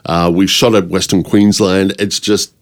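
A man from Australia, an actor guest chatting casually in an interview, relaxed and joking with many fillers. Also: low-pitched, unhurried.

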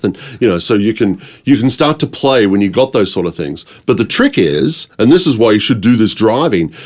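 A man from Australia, an actor guest chatting casually in an interview, relaxed and joking with many fillers. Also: medium pitch, brisk.

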